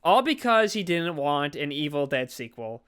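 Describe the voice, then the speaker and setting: A man with a bright, crisp voice pitched a little high tells a movie's story in a loose, rambling way. He keeps throwing in fillers and quick acted-out lines for the characters. It has the relaxed feel of a podcast co-host recapping a film.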